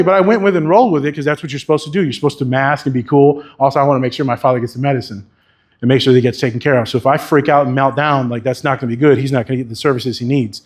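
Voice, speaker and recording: A man speaks at a conference keynote in a casual, candid way, swearing freely as he talks. His voice sits in an ordinary middle pitch. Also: fairly even intonation, very fast. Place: conference venue.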